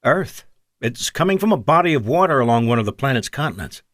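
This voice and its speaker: A man's voice: medium pitch, very animated, a little fast, a bit bright, no echo, studio quality, pitched above the performer's own voice. A man voicing an alarmed young male starship officer, speaking urgently in a raised voice. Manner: urgent and tense.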